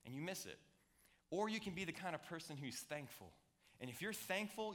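A man preaching a sermon, conversational and emphatic, repeating words to drive points and building to loud passionate stretches. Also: a little high, sing-song, fairly quick. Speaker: pastor.

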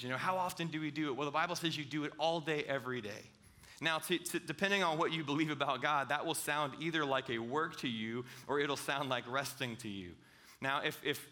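A male pastor giving a conversational sermon, acting out quoted dialogue with lively, animated delivery. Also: fairly high pitch.

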